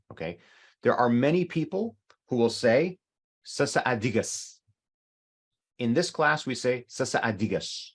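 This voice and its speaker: A middle-aged man teaching an online language class over a video call, patiently explaining with examples. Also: on the low side. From North America.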